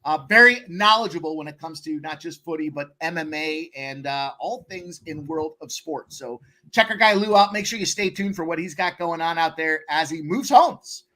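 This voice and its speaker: A man hosting a sports betting show, talking in an energetic, slangy hype style. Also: on the high side, moderate pace, hardly any pauses. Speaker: host.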